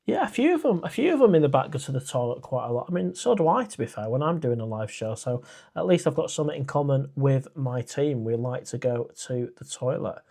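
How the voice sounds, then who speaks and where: On his own casual live stream, a man answers viewer comments in an everyday middle-pitched voice that is expressive, brisk, creaky, and dark in tone. He chats loosely and rambles, often restarting a thought or filling gaps with "uh."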